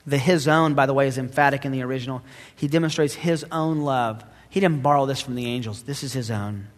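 A male pastor preaching a sermon, dramatic, swinging between loud emphasis and hushed asides. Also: mid-range voice, fast, big-room sound.

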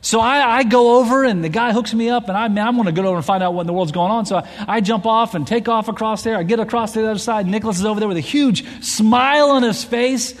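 A man in his forties, a pastor telling a family story in a sermon, animated and full of restarts. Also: high-pitched, fast, hardly any pauses. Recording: long hall reverb.

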